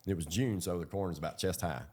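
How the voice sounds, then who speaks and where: Deep fast-talking man. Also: a little mellow. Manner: rambling, colloquial, with fillers and laughs. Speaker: ex-prisoner telling his story. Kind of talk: casual storytelling.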